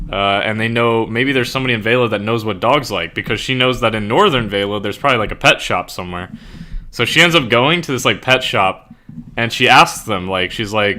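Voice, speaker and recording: A man's voice: on the low side, animated, moderate pace, bright, forceful tone. A young man chatting casually and rambling, with lots of "like" fillers and frequent laughter. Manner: laughs often. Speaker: streamer and author. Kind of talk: casual chat.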